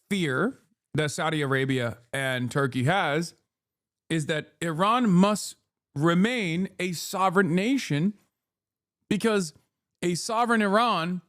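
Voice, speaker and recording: A man's voice: sits high, animated, slow pace, long pauses, fairly bright tone. A man hosting a stream, giving blunt, profane political commentary in casual chat. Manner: blunt, profane, opinionated, with fillers like "like" and "okay?". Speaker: streamer host.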